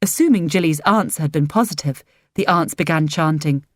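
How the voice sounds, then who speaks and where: Low-voiced woman narrating a story. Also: no echo, clean studio sound. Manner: gentle, measured, does character voices. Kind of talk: audiobook narration.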